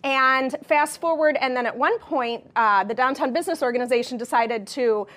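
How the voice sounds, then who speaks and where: A woman's voice: high-pitched, a bit bright. Friendly woman shop owner. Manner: friendly, fillers and quick asides. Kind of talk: TV interview.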